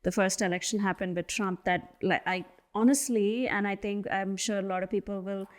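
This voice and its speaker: A woman's voice: medium pitch, steady tone, moderate pace. Enthusiastic woman hosting a podcast. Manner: enthusiastic, casual, many "like" fillers. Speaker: podcast host. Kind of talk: conversational interview.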